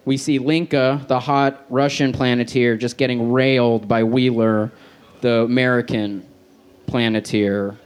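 A man reading his own crude fan fiction aloud on an outdoor festival stage, deadpan with self-aware asides. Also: medium pitch, a little slow, clear, resonant tone. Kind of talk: live stand-up reading.

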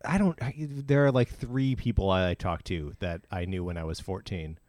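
A man's voice: deep voice, moderate pace, a little mellow, dry recording, studio quality. A man in casual podcast chat, teasing and asking wry questions.

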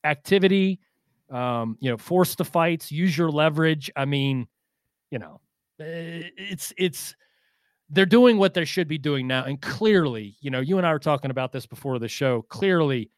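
A man co-hosts a casual podcast, talking a bit higher than most men. He rambles, restarts his sentences, and peppers them with fillers and swear words. The mic sound is close and dry, with no room around it. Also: animated, moderate pace, dry recording. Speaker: boxing podcast co-host.

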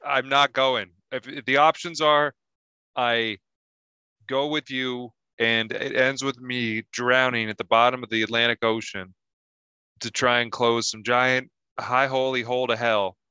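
A man's voice: mid-range voice, little pitch movement, bright, forceful tone, clean tone, no room sound, highs cut off. A man playing a stubborn, sarcastic male shut-in who refuses to go. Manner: mocking, slow and stubborn refusals.

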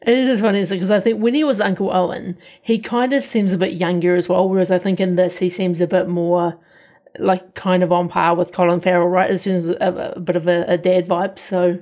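A woman co-hosting a casual film chat in a lowish, mellow voice. She thinks aloud, with many fillers along the way. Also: steady tone, a little fast. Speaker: film podcast co-host.

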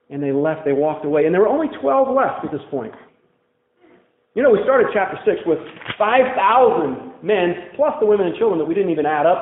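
A man, preaching a sermon in a conversational, animated way with playful asides. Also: high voice. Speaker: pastor. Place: church hall. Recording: echoey hall, phone-like band.

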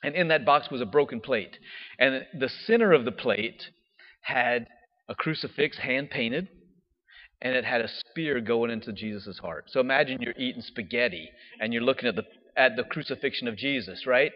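Animated priest in an echoing hall. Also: male voice, mid-range voice, moderate pace. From United States. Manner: animated, chatty, casual with fillers. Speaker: diocesan priest. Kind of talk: personal storytelling talk. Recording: dull audio with long hall reverb.

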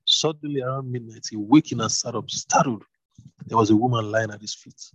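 Husky man reading scripture aloud. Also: fairly low pitch, fairly even intonation, fairly quick, a bit bright, dry recording, lo-fi sound. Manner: voices the characters, with casual asides. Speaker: reader. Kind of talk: reading a Bible story aloud.

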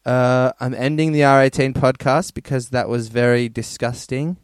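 A man's voice: mid-range voice, steady tone, moderate pace, clean tone, no echo, clean studio sound. A man hosting a podcast, casually reading listener stories in a crude, rambling way and laughing often. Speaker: podcast host.

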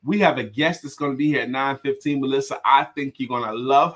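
Man, talk-show co-host, bright forceful voice, chatty, playful, loose with fillers. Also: mid-range voice, brisk, few pauses. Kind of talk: casual morning talk show.

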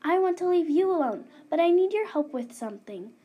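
A woman's voice: very high-pitched, lively intonation, fairly quick, highs cut off, pitched above the performer's own voice. A woman voicing a frightened ghost girl who pleads and stammers for help. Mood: pleading.

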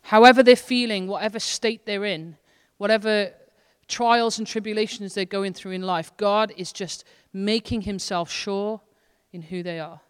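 A woman's voice: medium pitch, fairly even intonation, moderate pace, few pauses, smooth. A woman associate pastor preaching a sermon in a casual, earnest, conversational way, with her intensity rising and falling as she speaks. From Wales. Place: church hall. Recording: long church hall reverb.

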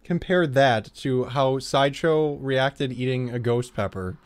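A man's voice: mid-range voice, measured pace. A man hosting a casual podcast chat in an easygoing way, laughing between phrases. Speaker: podcast host.

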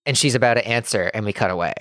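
A man's voice: on the low side, very fast, sharp tone, no echo, studio quality. A man co-hosting a podcast in casual chat, opinionated and arguing his point. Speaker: podcast co-host.

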